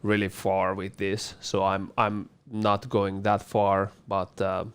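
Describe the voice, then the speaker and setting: A man's voice: low voice, monotone, takes it slowly, clear, resonant tone. A man co-hosting a casual Q&A, speaking hesitantly with repeated words and fillers. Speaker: co-host. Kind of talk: casual panel Q&A.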